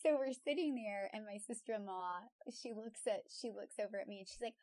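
A woman, a coach, chatting as a guest in an interview, telling lively stories and acting out quoted voices. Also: medium pitch, fairly quick, no room sound. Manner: animated storyteller, laughing, acts out quotes. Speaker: guest, mindset and lifestyle coach. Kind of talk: casual interview chat.

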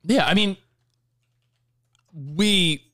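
A man co-hosting a casual sports talk show, arguing his points in an animated, rambling way. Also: high-pitched, drawn-out words, dry recording, clean studio sound.

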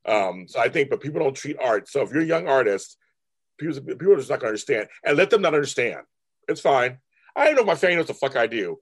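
A man's voice: on the high side, sing-song, fast. A man in his fifties, a guest artist talking candidly in an interview, blunt and profane, mimicking his family in raised voices. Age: 50s. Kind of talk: candid casual interview talk.

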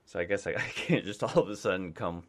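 A man's voice: low-pitched, quick pace. A man from the United States, a mailman and podcast host, rambling casually with lots of fillers and restarts.

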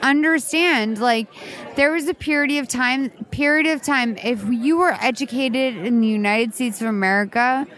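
A woman in her thirties hosting a podcast, talking casually with heavy vocal fry and rambling, irreverent asides. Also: high voice, normal speed, fairly bright tone. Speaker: podcast host. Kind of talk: casual chat.

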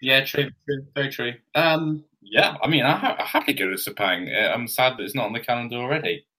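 A man's voice: mid-range voice, quick pace, sharp tone, poor audio. A man co-hosting a podcast in casual chat, chiming in with brief replies. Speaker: podcast co-host.

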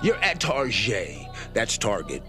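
Animated, sing-song podcast host. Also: male voice, fairly low pitch, slow pace, over music. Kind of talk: profane comedic commentary.

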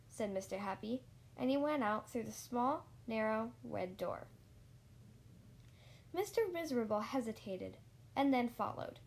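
Woman slowly reading a children's story. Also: a little high. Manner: slow and deliberate, lingering on repeated phrases.

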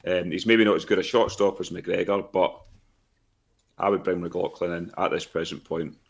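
Deep-voiced male co-host, frank and animated in casual chat. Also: moderate pace. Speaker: podcast co-host.

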